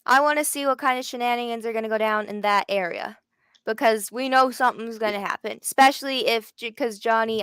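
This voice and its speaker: A woman's voice: on the high side, fairly bright tone, clear, resonant tone, no echo. A woman from Canada co-hosting a live wrestling watch party, chatting casually, laughing often and trailing off mid-thought. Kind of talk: casual live-stream chat.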